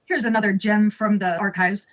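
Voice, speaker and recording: A woman's voice: mid-range voice, steady tone, normal speed, fairly bright tone. A woman narrating scripted commentary, reading out posts in a blunt, sarcastic tone and swearing freely. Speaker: video narrator.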